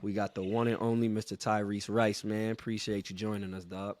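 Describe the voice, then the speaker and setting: A man's voice: fairly low pitch, flat delivery, brisk, darkish tone, no room sound. A man in his thirties hosting a podcast in a casual, joking way, a little sick and laughing often. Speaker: podcast host.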